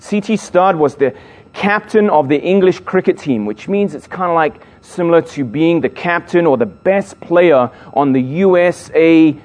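Middle-aged male youth preacher, slightly high voice, jokes and builds emphasis. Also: darkish tone. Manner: playful, jokes with the audience, emphatic build-ups. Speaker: speaker at a youth gathering. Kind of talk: sermon to young people.

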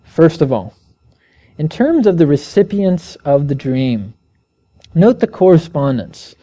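A man's voice: very animated, slow pace, mellow. A man preaching an evening Bible teaching, speaking earnestly and asking his listeners questions as he reads scripture aloud. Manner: earnest, asks the listeners questions, raises pitch when reading scripture aloud.

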